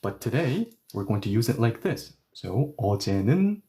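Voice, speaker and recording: A man teaching a grammar lesson, explaining patiently step by step and repeating example sentences slowly. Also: mid-range voice, sing-song, dark tone. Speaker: Korean language teacher.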